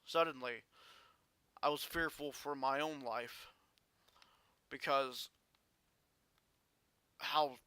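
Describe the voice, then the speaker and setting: A man vlogging a personal story in an earnest, halting way with frequent restarts. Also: medium pitch, steady tone, sharp tone, clear, resonant tone, dry recording.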